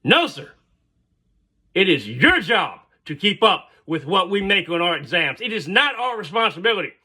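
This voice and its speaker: A man playing a shrill, indignant young female student. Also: very animated, moderate pace, bright, forceful tone, husky, full character voice. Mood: indignant yelling.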